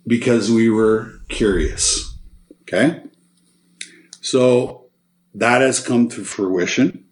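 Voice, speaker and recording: A man with a low voice tells a story as an interview guest, animated and conversational, often checking in with his listener. The sound is roomy with a clear echo around him. He keeps a steady storytelling drive.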